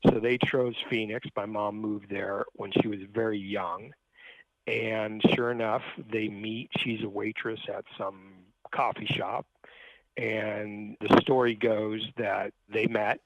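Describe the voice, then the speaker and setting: A man with a fairly low voice tells a family story at an easy, measured pace. The sound is dry and close, with no room around it. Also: flat delivery, no echo, lo-fi sound. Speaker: podcast guest. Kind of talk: conversational storytelling.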